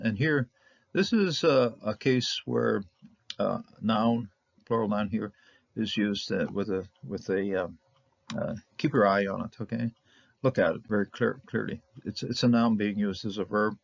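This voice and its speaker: A low-voiced man with a gravelly edge teaches Hebrew grammar in a loose, rambling way, repeating words and chuckling often. The recording sounds dull and lo-fi. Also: no echo. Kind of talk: casual Bible language lesson.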